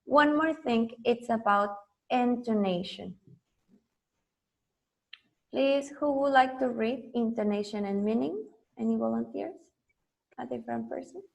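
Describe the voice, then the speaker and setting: A woman's voice: on the high side, a little slow, vocal fry, long pauses. A woman teaching an English lesson, explaining and drilling students with patient repetition. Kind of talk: online language lesson.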